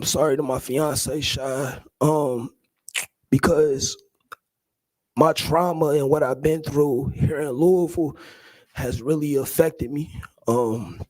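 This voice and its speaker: A man in his thirties, an activist, giving an emotional public speech, halting and full of hesitations. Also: a little high, a little mellow, dry recording, rough recording.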